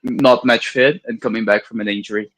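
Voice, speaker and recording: Measured man co-hosting a fan stream. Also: mid-range voice, steady tone, a bit bright, low-quality recording. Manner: measured, restarts sentences. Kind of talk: casual chat.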